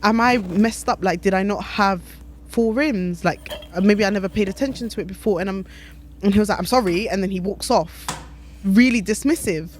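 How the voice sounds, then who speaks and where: A woman, co-hosting a podcast and telling a story in a chatty, animated way. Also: medium pitch, moderate pace, a little hiss or hum. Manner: animated, chatty, lots of fillers. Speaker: podcast co-host. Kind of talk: casual storytelling.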